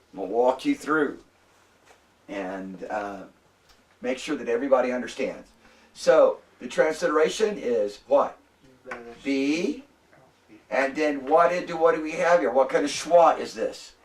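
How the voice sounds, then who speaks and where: A man's voice: mid-range voice, lively intonation, normal speed, recorded from a distance. A man lecturing a classroom as a Hebrew instructor, patient and repetitive, often prompting the students to answer.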